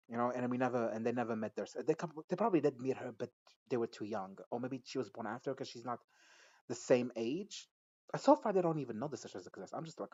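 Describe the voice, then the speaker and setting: Male vlogger, casual reaction recap, animated and foul-mouthed, laughs a lot, average pitch, slightly dull lo-fi sound. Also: no echo. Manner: animated and profane, laughs often, mimics characters. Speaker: YouTuber recapping a TV episode.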